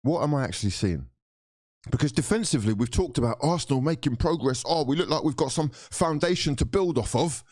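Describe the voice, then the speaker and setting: A young man vents about his team in a profane, exasperated reaction rant. His voice swings wildly in pitch, rising to shouts of disbelief and falling to low, bitter muttering. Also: lively intonation, brisk. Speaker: football fan vlogger. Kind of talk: angry fan reaction rant.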